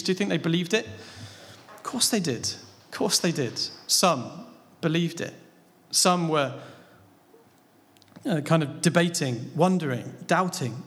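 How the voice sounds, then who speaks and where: A man's voice: high voice, fairly bright tone. A man preaching a sermon, talking conversationally and asking his listeners rhetorical questions. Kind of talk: sermon on a Bible passage. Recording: long reverb of a large hall.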